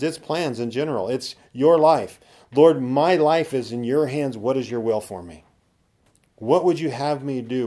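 Guy preaching a sermon, warm low-key tone, checks in with okay and right, gets loud on the punchlines. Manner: rising to emphatic peaks when acting out quoted attitudes; conversational teaching with tag questions. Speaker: pastor.

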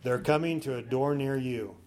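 Speaking in a mid-range voice, this man delivers a sermon like a conversational coach, pausing often to ask "okay?" and easing his pace to read passages of scripture aloud.

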